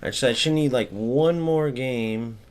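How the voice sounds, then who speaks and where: A gaming streamer plays a football video game and gives casual commentary, talking to his chat and acting out short exchanges with opponents in a raised voice. His mid-range voice has a darkish, clean tone at normal speed.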